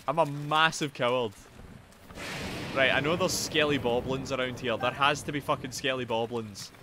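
A young man with a Geordie accent streaming a video game live, swearing, yelling and shouting out to his chat. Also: mid-range voice, fairly even intonation, moderate pace, background noise. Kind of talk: live gameplay commentary.

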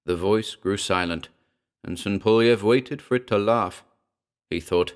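A man giving a measured, grave, scripted narration of a horror story. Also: lowish voice. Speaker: audiobook narrator.

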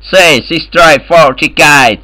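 A man holds the floor in a game's voice chat, swearing freely and trolling the other players. His broken English comes out in a raised, bright voice that cuts through sharply. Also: a little high, slow pace, dry recording, poor audio. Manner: loud, profane, in broken English. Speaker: gamer in voice chat.

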